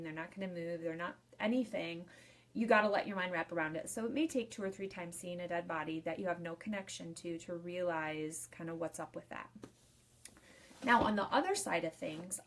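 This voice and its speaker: A young woman, a funeral director and embalmer, giving casual, chatty advice in a live video talk and restating her points in loose lists. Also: lowish voice.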